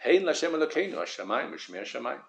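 A man giving a Torah lesson, careful and measured, stressing key words and often repeating himself as he weighs a point. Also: medium pitch, very animated, vocal fry, fairly bright tone, dull audio. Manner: careful, measured, with frequent word repetitions. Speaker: Torah teacher. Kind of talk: Torah lesson on the weekly portion.

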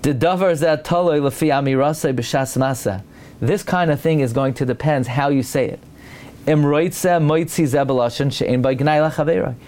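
A man's voice: on the high side, moderate pace. A man giving a Torah class, reading Hebrew lines and explaining them in English, sometimes acting out a sneering tone for an example. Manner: animated, mimics a sneering tone for examples. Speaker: Torah teacher. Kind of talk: lecture reading a Hebrew text and translating.

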